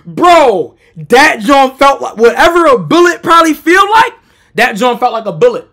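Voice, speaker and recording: High, bright, animated young man. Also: normal speed, creaky. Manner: excitable, shouting and laughing. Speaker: streamer. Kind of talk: animated storytelling.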